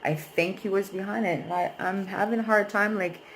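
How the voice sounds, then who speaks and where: A woman's voice: mid-range voice, steady tone, a little fast, slight background noise, low-quality recording. A young adult woman vlogger venting candidly about a relationship, frank and emotional, swearing freely.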